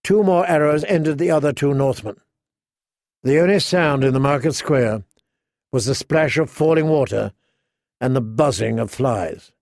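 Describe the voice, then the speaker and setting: A man narrating an audiobook in a measured, unhurried, vivid way. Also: mid-range voice, a little mellow, dry recording, clean studio sound. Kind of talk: scripted narration.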